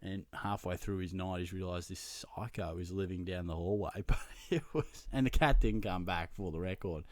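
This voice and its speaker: A young Australian man, a podcast host, telling a profane, self-mocking anecdote in a casual, animated way. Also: deep voice, moderate pace, no room sound. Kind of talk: casual storytelling.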